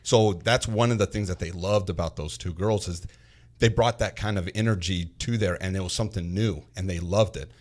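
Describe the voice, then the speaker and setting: Low-voiced man telling a lively story. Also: fairly quick. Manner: animated storyteller, repeats words when starting sentences. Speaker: podcast guest. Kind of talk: casual chat.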